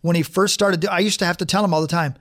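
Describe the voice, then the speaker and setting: A male radio host chatting casually and quickly, with lots of fillers and restarts. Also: sits high, no room sound, clean studio sound. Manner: fast, animated talker with many fillers and restarts. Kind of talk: casual chat.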